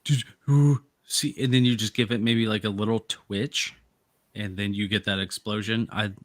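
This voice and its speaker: Low-voiced man telling a rambling story. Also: level tone, normal speed, a bit bright, no room sound. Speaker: co-host of a live fishing stream. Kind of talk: casual chat.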